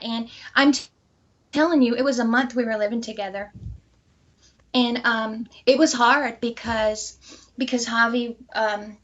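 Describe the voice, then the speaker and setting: Woman, high voice, animated interview storytelling, dull lo-fi sound. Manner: animated, acts out quoted dialogue.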